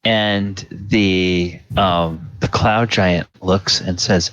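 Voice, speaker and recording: A man narrating a tabletop game as game master, slow and halting, with many fillers. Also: low voice, steady tone, fairly bright tone, dull audio, slight background noise.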